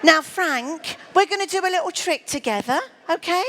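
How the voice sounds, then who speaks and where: A woman's voice: extremely high pitch, lively intonation, moderate pace, a bit bright, a faint crowd. A woman doing comic magic patter on stage, teasing and flirting with a volunteer she keeps calling darling. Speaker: comedy magician.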